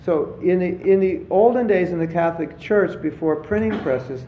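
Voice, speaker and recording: Male spiritual teacher, relaxed storytelling lecture style, fairly high voice, recorded in a reverberant room. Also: normal speed, slight background noise. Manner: storytelling, acts out voices in his anecdotes. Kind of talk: casual lecture with jokes. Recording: roomy, slightly dull lecture recording.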